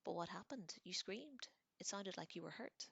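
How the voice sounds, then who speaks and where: A woman's voice: fairly low pitch, animated, normal speed, gravelly, a bit bright, husky, dry recording, heavily acted. A woman voicing a teenage boy wizard who asks pressing, impatient questions. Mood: urgent.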